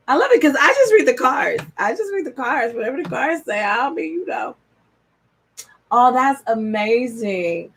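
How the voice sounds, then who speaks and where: Chatty tarot lady on a live stream, kinda high voice, gets real excited, slangy. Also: moderate pace. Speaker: tarot reader.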